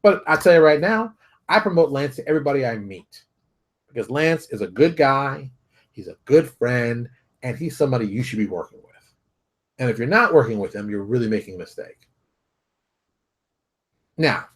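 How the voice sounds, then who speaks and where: A man hosting his own show, talking straight to viewers in a fired-up, preachy rant full of rapid rhetorical questions. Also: medium pitch, animated. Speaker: show host. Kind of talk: animated solo commentary.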